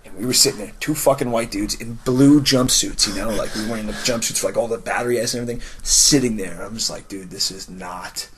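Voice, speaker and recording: A man's voice: quick pace, hardly any pauses, fairly bright tone, slight background noise. A young man telling stories in a casual podcast chat, swearing freely and dropping to a mutter for asides. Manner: storytelling, swearing, drops to a low mutter for asides. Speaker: podcast co-host.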